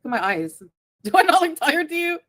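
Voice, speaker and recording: A woman's voice: very high-pitched, big pitch swings, a little fast. A woman co-hosting a livestream, reading the chat aloud in a playful, teasing way and tossing in French phrases.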